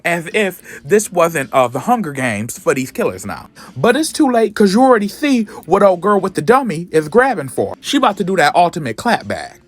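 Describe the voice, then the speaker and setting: A man retelling a comic story in casual, slangy, animated chat. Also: high-pitched, a little fast. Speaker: comic recap host.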